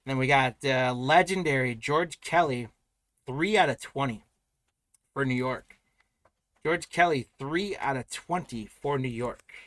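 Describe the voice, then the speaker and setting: A man's voice: medium pitch, unhurried, a bit bright, no room sound. A man hosting a live trading card break, announcing pulls and congratulating buyers in an upbeat, chatty way.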